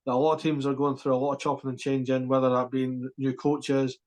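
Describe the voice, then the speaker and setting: A man co-hosting a podcast, chatting about sport in an animated, emphatic way with quick restarts. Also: medium pitch. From Scotland. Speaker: podcast co-host. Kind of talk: casual sports chat.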